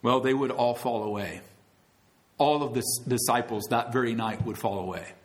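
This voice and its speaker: A man preaching an expository sermon, reading scripture verse by verse and adding asides, with his voice climbing for emphasis. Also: moderate pace. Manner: earnest preaching, with sudden rises in pitch and loudness for emphasis; adds tag questions and asides to scripture quotes. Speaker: pastor.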